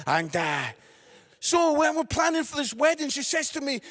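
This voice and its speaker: A man in his fifties doing stand-up storytelling on stage, animated, with quick "yeah?" asides to the crowd. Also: extremely high pitch, long reverb tail. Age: 50s. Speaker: comedian and evangelist. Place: live venue before an audience.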